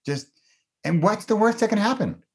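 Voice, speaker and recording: A man's voice: sits high, animated, moderate pace. A middle-aged man talking as a guest on a podcast in a casual, enthusiastic way, laughing often. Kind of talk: casual conversation.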